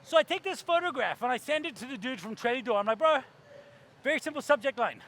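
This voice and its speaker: A man's voice: very high-pitched, lively intonation, fast, fairly bright tone. A man giving a keynote talk at a conference, telling stories with acted-out voices and laughter. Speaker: keynote speaker.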